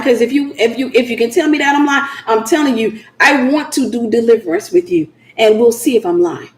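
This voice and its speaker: Animated high-pitched woman preaching, echoey. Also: a little fast, few pauses. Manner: animated, laughing asides, repeats phrases for emphasis. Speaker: host. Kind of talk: preaching livestream talk.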